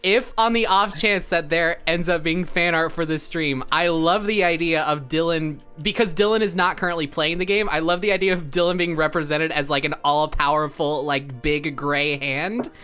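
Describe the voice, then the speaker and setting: Bright, playful young man streaming a board game. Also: on the high side, fairly even intonation, moderate pace, hardly any pauses, clear, resonant tone, soft background music. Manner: playful, riffing, laughs often. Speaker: stream host. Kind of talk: casual game stream chat.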